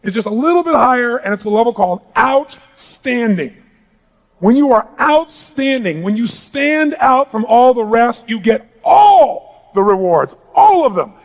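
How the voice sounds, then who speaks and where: A man's voice: very high-pitched, sing-song, measured pace. A man giving an emphatic motivational talk to a live audience in a large room, calling for responses from the crowd. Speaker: motivational speaker.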